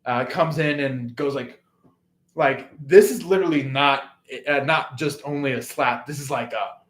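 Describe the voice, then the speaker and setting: Slow, rambling man reading tarot. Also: mid-range voice, fairly bright tone. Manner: rambling, many fillers, acts out quotes. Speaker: tarot reader. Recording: echoey room.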